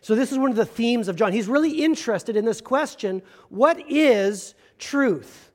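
A man, a pastor, giving a conversational sermon with self-deprecating humor and slow, emphatic stresses. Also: very high-pitched, lively intonation.

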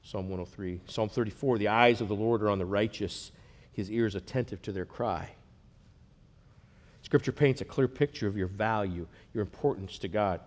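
A man preaching a sermon, earnest, rising to loud emphatic passages and dropping to a near hush. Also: fairly low pitch, moderate pace. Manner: earnest, swells loud then drops to a hush. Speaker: pastor.

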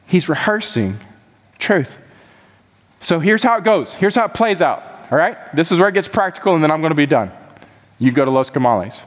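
A man's voice: a little high, expressive, moderate pace, long reverb tail. A man who is a pastor, preaching a sermon with impassioned, repetitive emphasis that keeps building.

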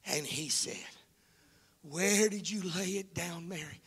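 A man preaching a sermon, swinging from hushed, whispered lines to loud, sing-song shouting, calling out to members of the congregation. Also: high voice, a little slow, husky. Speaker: pastor.

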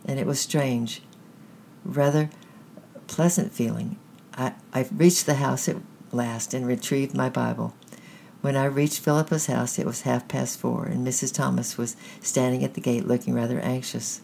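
Un narrador de cuentos infantiles con voz algo áspera y grave, que lee en voz alta con calma y un ritmo mesurado, como quien cuenta una historia antes de dormir. El tono se mantiene en un registro medio, con un leve ruido de fondo en la grabación. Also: medium pitch, vocal fry, a little hiss or hum. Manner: measured, gentle storytelling pace. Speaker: storyteller. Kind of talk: reading a children's story aloud.

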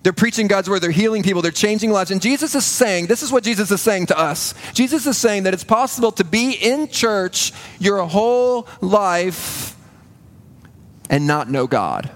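A man preaching a sermon in a church, earnest and building to a hushed intensity on key points. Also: high voice, animated, moderate pace. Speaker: pastor.

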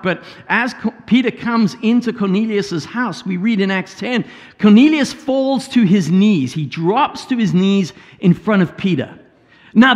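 A man, a pastor, preaching a sermon and retelling a story with asides and paraphrased quotes. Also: high voice. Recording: hall reverb.

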